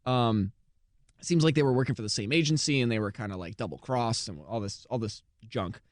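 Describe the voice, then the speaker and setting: A man's voice: mid-range voice, fairly quick, no room sound, studio quality. A man co-hosting a casual chat, retelling a movie plot with lots of fillers. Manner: rambling with fillers and laughs. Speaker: podcast co-host.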